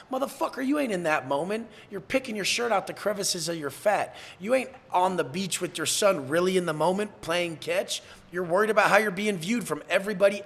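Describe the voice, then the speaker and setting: Profane intense guy on a podcast, kinda husky, higher pitched voice, blunt and in-your-face. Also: fairly bright tone. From San Diego, USA. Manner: profane, blunt and intense, acting out quoted exchanges. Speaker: guest. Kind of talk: podcast interview.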